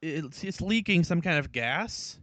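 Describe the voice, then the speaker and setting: A man co-hosting a comedy podcast. His voice sits a little high, and he answers in a wry, deadpan way with quick questions. The recording is dry and close to the mic. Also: dry recording. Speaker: podcast co-host. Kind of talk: casual comedic podcast chat.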